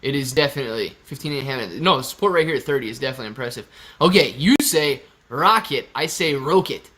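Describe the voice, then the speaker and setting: A man's voice: mid-range voice, fast talker, a bit bright. A young man hosting a casual live stream, joking around and reading viewer chat aloud. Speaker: livestream host.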